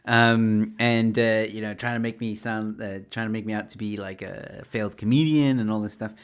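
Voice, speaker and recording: A man's voice: on the low side, fairly even intonation, moderate pace, clear, resonant tone. A man hosting a casual online talk show who tells stories in a rambling way and laughs at his own points. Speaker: show host. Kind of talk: casual chat.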